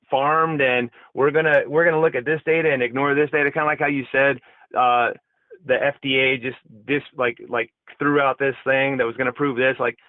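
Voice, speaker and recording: A man's voice: mid-range voice, no room sound. A man calling into an online debate, hesitant and rambling, full of fillers. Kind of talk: casual debate. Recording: tinny dry call line.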